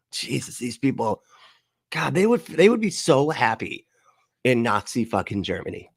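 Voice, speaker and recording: A man's voice: medium pitch, big pitch swings, measured pace, creaky, husky, no echo, clean studio sound. A man hosting a livestream, giving casual reaction commentary in a profane, sarcastic way and laughing often. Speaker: livestream host.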